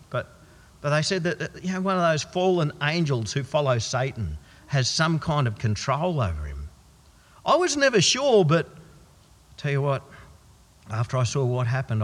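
An Australian man playing an amazed male follower of Jesus, telling it in a folksy, husky voice in a church. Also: medium pitch, pitched below the performer's own voice. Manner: folksy, conversational storytelling. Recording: long church reverb.

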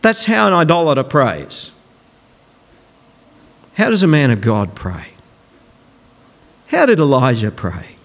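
A man's voice: mid-range voice, huge pitch swings, slow, gravelly, pauses often. A man preaching a sermon in a conversational, emphatic way, acting out quotes as he goes. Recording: long hall reverb.

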